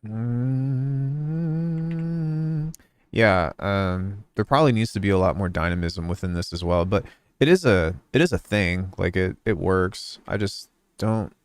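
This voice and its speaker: Young male streamer, slightly low voice, dry close sound, relaxed rambling chat. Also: moderate pace, no echo. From New Jersey. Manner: laid-back, rambling, swears offhandedly. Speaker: music producer streaming. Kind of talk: casual livestream chat.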